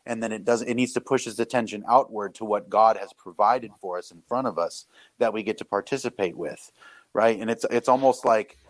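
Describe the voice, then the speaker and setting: A man co-hosting a faith podcast, talking in a halting, searching way with many restarts. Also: fairly low pitch, dry recording. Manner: halting, searching for words, grows animated. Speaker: podcast co-host. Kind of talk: conversational podcast chat.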